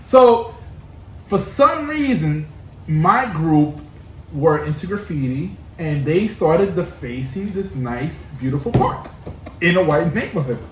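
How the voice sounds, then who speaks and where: A man's voice: on the high side, takes it slowly, slight background noise. A man from Brooklyn telling a profane story in casual podcast chat, acting out the other characters' lines. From Brooklyn, New York. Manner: animated, profane, acts out voices while telling stories. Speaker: podcast co-host. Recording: echoey room, mic at a distance.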